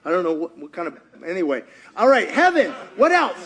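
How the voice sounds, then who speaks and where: A middle-aged male pastor giving a lively sermon, retelling stories with acted quotes and questions to the audience. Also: sits high, brisk. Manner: animated storyteller, acts out quotes, asks the audience.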